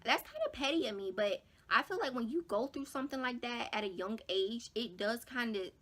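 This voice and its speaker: Animated young woman telling a story, bright voice. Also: a little fast. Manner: animated, dramatic storytelling with big jumps in pitch and loudness; casual slangy talk, addresses viewers as y'all. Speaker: vlogger. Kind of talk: storytime vlog.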